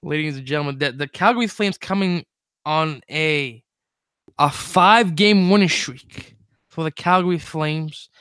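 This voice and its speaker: A young man hosting a casual sports podcast, energetic and jokey, with quick stumbling restarts. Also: fairly high pitch, clean tone, no echo, studio quality. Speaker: podcast host.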